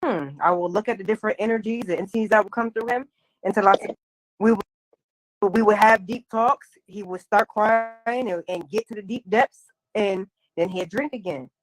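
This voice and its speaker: A woman casually telling a long personal spiritual story, animated, full of slang and acted-out dialogue. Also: mid-range voice, normal speed, poor audio.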